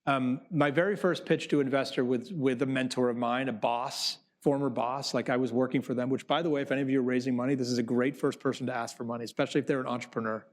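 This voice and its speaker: Fast and with few pauses, a mid-range male voice belongs to a theater producer giving a conversational talk to business students. He's an animated storyteller, acting out the quotes in his anecdotes.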